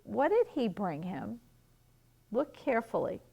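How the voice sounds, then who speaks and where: A woman teacher reading a picture book to young children at home, gently asking questions and explaining words. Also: a little high, wildly swooping pitch, measured pace, creaky, slightly rough.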